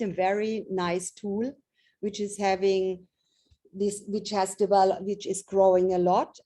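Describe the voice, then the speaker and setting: A woman from Germany, speaking English as a second language, gives a webinar talk on trade fair preparation. Her voice is mellow and a little dark, at an ordinary middle pitch. She explains earnestly and often circles back to restart a phrase. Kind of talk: webinar presentation.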